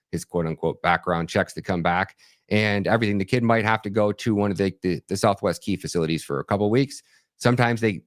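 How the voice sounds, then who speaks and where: A man's voice: fairly low pitch, dry recording, studio quality. A man, a documentary filmmaker, explaining things earnestly in an interview, often restarting his sentences and checking in with "right?". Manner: earnest, animated storytelling with frequent restarts and "right?" tags. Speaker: podcast guest, documentary filmmaker.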